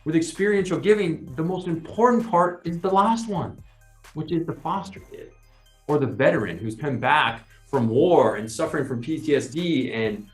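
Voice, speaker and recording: A man's voice: fairly high pitch, moderate pace, roomy sound, faint music behind. A man hosting a podcast, talking casually and acting out little scenes with quoted voices. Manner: animated, explains with imagined scenes and quoted asides. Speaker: podcast host. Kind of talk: casual storytelling chat.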